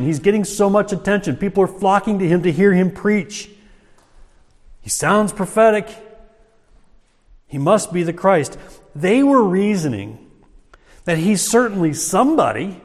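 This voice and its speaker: A man preaching a sermon as a pastor, slow and emphatic, asking rhetorical questions. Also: on the high side, a little mellow. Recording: long hall reverb.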